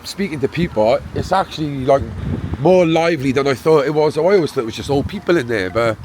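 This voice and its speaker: A man's voice: on the high side, lively intonation, a little fast, noisy background. A man with a Cardiff accent, hosting a vlog of casual street interviews outdoors and calling everyone mate. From Cardiff, Wales. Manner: chatty, laughing, calls everyone mate. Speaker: vlogger host. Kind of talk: street interviews while walking. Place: outdoors on a housing estate.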